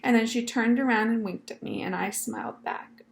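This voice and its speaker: A woman reading a children's novel aloud, with expressive storytelling. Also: fairly high pitch, moderate pace, creaky, echoey room.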